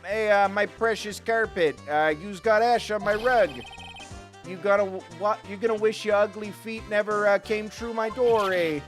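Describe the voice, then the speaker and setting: A hot-tempered mob boss, put on by a man reading a game aloud, barking threats in a thick, loud tough-guy drawl. The voice sits high and strained, full of stumbling "uh"s. A clear music bed plays under it. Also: fairly even intonation, normal speed, lightly acted. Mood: blustering threats.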